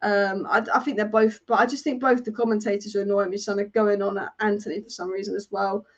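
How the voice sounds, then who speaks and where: A woman's voice: mid-range voice, steady tone, fast. A young woman from England hosting a football fan channel, chatting casually through a live watch-along, reading out statistics and answering viewer comments. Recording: dull lo-fi live stream audio.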